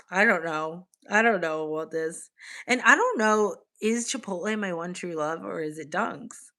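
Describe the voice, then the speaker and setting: Bright, chatty young woman streamer. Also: fairly low pitch, measured pace. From United States. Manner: chatty and animated, full of "like" fillers. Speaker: livestream host. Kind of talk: casual livestream chat, reacting to viewer comments.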